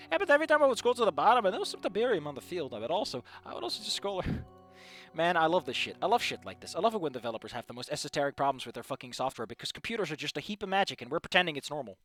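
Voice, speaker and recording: Young man, sweary commentary, lively pitch, bright voice, soft music behind. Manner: animated, sweary, exasperated outbursts. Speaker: streamer reading fan fiction. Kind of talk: reading and ranting commentary.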